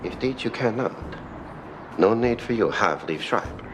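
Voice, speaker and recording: An actor playing a gruff Icelandic man who speaks broken English in an Icelandic accent. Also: expressive, moderate pace, background noise, lightly acted. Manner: broken word order, low gruff delivery.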